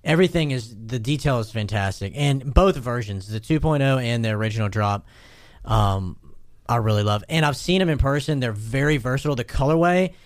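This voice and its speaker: Relaxed, enthusiastic man, dry close sound. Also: mid-range voice, brisk, dry recording. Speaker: podcast co-host. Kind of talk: casual chat.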